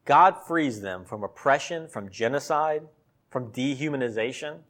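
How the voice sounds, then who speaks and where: A man's voice: on the high side, expressive, normal speed, fairly bright tone. Man preaching a conversational sermon. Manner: conversational preaching, dramatizes quotes with sarcasm. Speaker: pastor.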